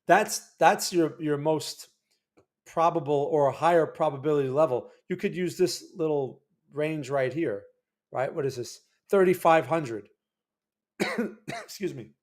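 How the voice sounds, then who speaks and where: An unhurried man with a voice on the high side and a New Jersey accent hosts a casual market-analysis livestream. He talks through the charts loosely and conversationally, restarting often and checking in with "right?"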